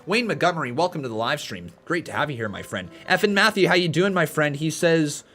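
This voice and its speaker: A male streamer talking casually to his live chat, greeting viewers by name and cheering them on with earnest encouragement. His voice sits a little higher than most men's. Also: very animated, brisk, a bit bright, soft background music. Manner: chatty, addresses viewers directly by name. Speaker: streamer hosting a live watch-along.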